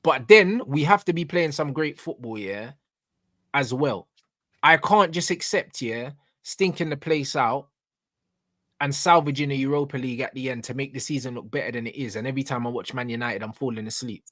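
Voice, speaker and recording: Passionate football fan, dry mic. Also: male voice, medium pitch, normal speed, a bit bright, no echo. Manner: passionate, swears, repeats "do you know what I'm saying". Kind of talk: casual football debate.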